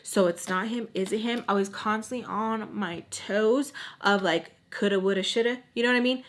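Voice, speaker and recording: A woman's voice: medium pitch, moderate pace. Brief: young adult woman, sassy storyteller, chatty and direct with viewers. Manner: sassy, lively, talks straight to the viewer. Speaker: YouTuber telling a personal story. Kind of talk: casual storytime monologue.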